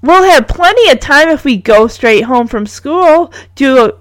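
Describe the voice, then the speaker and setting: Bossy know-it-all cartoon schoolgirl, high and shrill, put on by a woman narrator. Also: expressive, measured pace, dry recording. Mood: prim.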